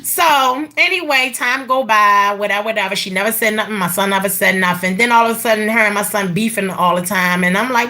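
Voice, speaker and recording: Middle-aged woman vlogger, bright high voice, profane no-filter storyteller. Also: a little fast, hardly any pauses. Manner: blunt, profane, animated. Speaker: vlogger telling a personal story. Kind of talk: casual storytelling rant.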